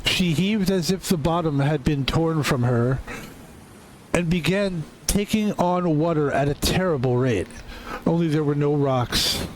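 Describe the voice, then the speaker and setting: A man's voice: fairly high pitch, a little hiss or hum, low-quality recording. A man reading game text in the voice of an adult male pirate ship captain, in a theatrical storytelling manner.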